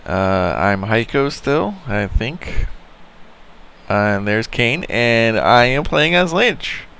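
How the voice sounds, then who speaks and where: A man giving casual, excitable commentary while playing a video game, reacting out loud and swearing often. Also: mid-range voice, slow pace, slight background noise. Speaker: let's play gamer.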